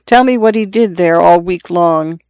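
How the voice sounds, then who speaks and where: Narrator doing a heartbroken young mother, pleading, tearful, smooth clean voice, dry studio sound. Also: on the low side, moderate pace, no echo, close to an everyday voice. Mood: distraught pleading. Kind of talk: audiobook character reading.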